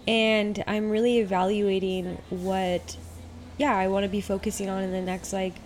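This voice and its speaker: A woman hosting a podcast in relaxed, rambling casual chat, a bit tired and high, full of fillers. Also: normal speed, slight background noise. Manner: laid-back, rambling, many fillers. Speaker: podcast host.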